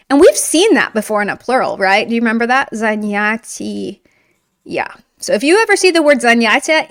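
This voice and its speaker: A woman's voice: on the high side, no room sound, studio quality. A woman teaching a video language lesson in an upbeat, encouraging, chatty way while writing on a board.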